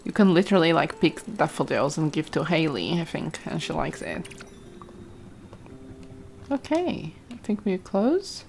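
A woman's voice: on the low side, animated, moderate pace, gravelly, darkish tone, soft background music. A young woman from Brazil, chatting casually over gameplay, exclaiming often and reading chat aloud. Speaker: streamer.

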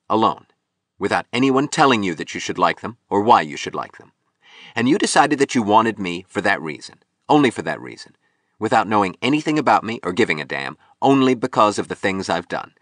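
A man's voice: lowish voice, big pitch swings, moderate pace, long pauses, a bit bright, dry recording, studio quality, voice pushed up. A man reading an audiobook, voicing a bitter, broken young male sculptor who pleads and turns suspicious. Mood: pleading.

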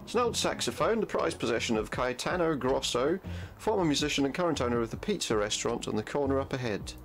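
A scheming crime boss hands out orders in a put-on accent, pitched higher than the speaker's own voice, as a man does the voice. The delivery is theatrical and conspiratorial, like lines read aloud from a game. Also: expressive, quick pace, soft background music, natural voice. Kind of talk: reading game dialogue aloud.

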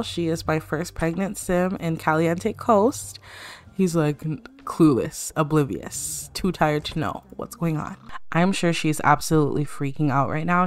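A young woman chatting excitedly through a life-simulation game, talking to her viewers in a slangy, casual way. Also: low voice. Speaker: let's play creator. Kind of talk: casual gameplay commentary.

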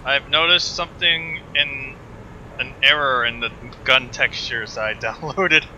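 Man, bright sharp tone, slow talker, casual game chat. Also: medium pitch, fairly even intonation, lo-fi sound, slight background noise. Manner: explaining, amused. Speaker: gamer.

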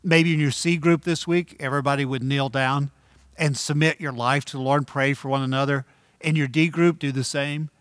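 A middle-aged male pastor delivering an earnest sermon in a medium-pitched voice. He repeats key phrases and slows down to land his points. The sound is close and dry, with little room echo. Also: steady tone, a bit bright. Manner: earnest preaching with repeated phrases and slowed emphasis.

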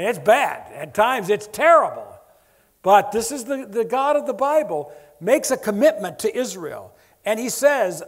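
Male preacher, higher voice, emphatic lecturing with wry asides. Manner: emphatic, joking teacherly delivery with stressed key words. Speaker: Bible lecture speaker. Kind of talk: lecture sermon. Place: large lecture hall. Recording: echoey auditorium reverb.

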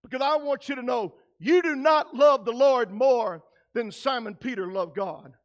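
A pastor preaching a sermon, emphatic and building to shouts, who acts out quoted voices in his own voice. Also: very high voice.

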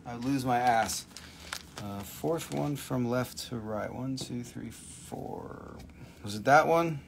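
A man runs a live crystal sale, his medium-pitched voice slow, breathy and full of vocal fry. He keeps the chat with viewers loose and profane, reading out their questions and answering them.

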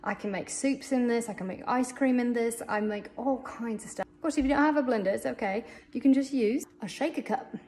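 A woman's voice: on the high side, brisk, few pauses. A woman casually showing meal prep tools in her home kitchen, chatty and enthusiastic with playful asides. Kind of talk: casual kitchen demo video. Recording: loud background noise.

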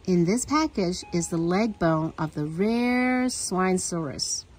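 A woman's voice: fairly low pitch, animated, takes it slowly, a little mellow. A woman reading aloud, voicing a forgetful male professor who frets over his lost bone. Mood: fretful. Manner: fretful, exclaiming.

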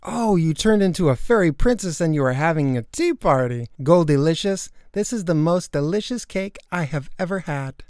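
A woman reading aloud and voicing an excitable, bossy little girl who plays at being a princess. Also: deep voice, normal speed, few pauses, no room sound, pitched above the performer's own voice. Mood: sweet, fussy. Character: playful imaginative little girl pretending to be a princess.

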